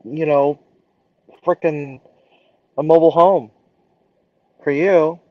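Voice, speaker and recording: A man's voice: on the high side, fairly even intonation, slow, no room sound, muffled recording. A man chatting casually as a guest, hedging loosely with lots of fillers. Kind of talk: casual chat.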